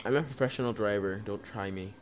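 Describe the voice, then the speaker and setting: A young man streaming a video game, chatting casually with a friend, joking and swearing and getting easily excited. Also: fairly low pitch, quick pace, slight background noise. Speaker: gaming streamer. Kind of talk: casual gameplay chat.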